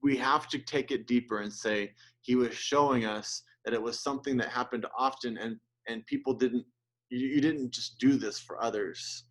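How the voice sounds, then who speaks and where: A man's voice: medium pitch, steady tone, normal speed, fairly bright tone. Earnest, conversational male pastor preaching. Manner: earnest, gets emotional and choked up; conversational with restarts and asides. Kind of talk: sermon.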